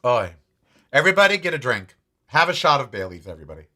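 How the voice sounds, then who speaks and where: A man's voice: medium pitch, sing-song, fast, pushed and bright. A man hosting his own show, giving blunt, sarcastic political commentary and swearing freely. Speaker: podcast host.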